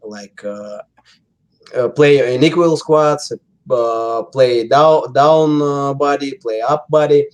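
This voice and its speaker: Halting Russian-accented man, slow speech. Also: mid-range voice. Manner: halting, many fillers and restarts. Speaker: interview guest. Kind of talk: casual interview.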